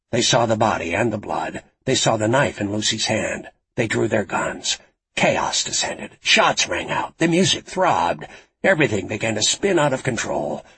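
A man narrating a thriller audiobook in a dramatic, expressive storytelling manner. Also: fairly low pitch, creaky, slightly rough, no room sound.

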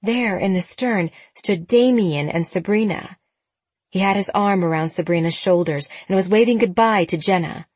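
Husky woman reading a novel aloud. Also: mid-range voice, moderate pace, darkish tone, no echo. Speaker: audiobook narrator. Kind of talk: scripted narration.

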